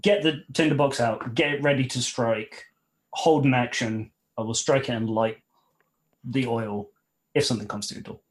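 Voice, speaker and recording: A man's voice: mid-range voice, fairly even intonation, normal speed. Joking male player at a tabletop game.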